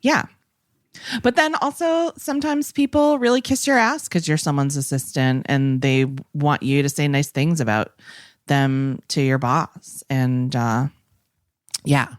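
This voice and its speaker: A woman with a low voice chats casually as a podcast co-host. She tells stories with energy and acts out quotes. The sound is dry and close. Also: steady tone, measured pace, no room sound. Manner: chatty storyteller, acts out quotes. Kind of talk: casual chat.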